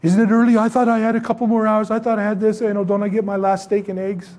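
A man's voice: sits high, completely flat delivery, quick pace, darkish tone, close to an everyday voice. A man acting out a nervous condemned male prisoner who sounds anxious and disbelieving, as part of a sermon.

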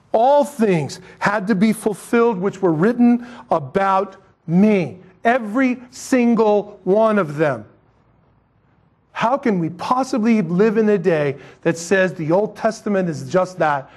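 A male pastor preaching a sermon, swinging between loud emphatic lines and quiet asides. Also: high-pitched.

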